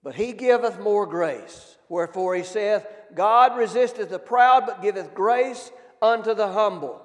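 Male preacher, folksy and direct, higher pitch, long hall echo. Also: measured pace. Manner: folksy, calls out questions to the congregation. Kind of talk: sermon.

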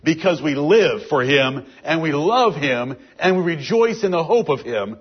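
Husky man preaching through bible verses, dull lo-fi sound, leans hard on key words. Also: on the high side, sing-song, a little slow. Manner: emphatic, reads and explains scripture verses. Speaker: Bible teacher. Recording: dull lo-fi recording.

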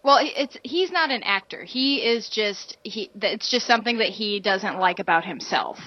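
Woman cohost rambling thru a movie recap, middle pitch, kinda dull lo-fi audio. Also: expressive, normal speed, no echo. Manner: rambling, many restarts and fillers. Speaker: podcast co-host. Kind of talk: casual chat reviewing films.

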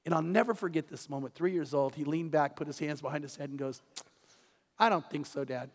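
Animated pastor in a reverberant church hall. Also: male voice, fairly high pitch, fast talker. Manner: animated storytelling, dropping to a hush for quoted lines. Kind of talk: sermon.

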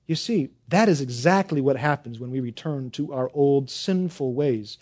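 A man's voice: medium pitch, expressive, moderate pace, darkish tone. A man preaching a sermon, building emphasis with repeated questions and answers. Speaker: pastor.

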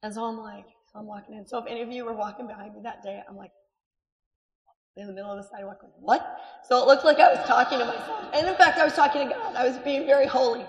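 A woman in her thirties preaching a sermon in a chatty, animated way, with asides and a strained voice. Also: a little high, rapid-fire, a little hiss or hum. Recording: echoey hall.

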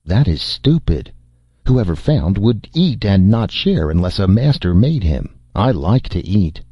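A timid young slave woman, as a male narrator puts her on in an audiobook, her phrasing simple and plaintive. The voice is raised somewhat above the reader's deep, husky tone. The sound is dry and slightly dull. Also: sing-song, measured pace, dry recording, exaggerated voice. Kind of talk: audiobook character voice.

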